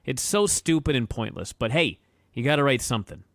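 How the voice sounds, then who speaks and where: A man's voice: mid-range voice, expressive, brisk, fairly bright tone, dry recording. A man co-hosting a wrestling podcast, blunt and opinionated, ranting with casual profanity. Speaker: podcast co-host.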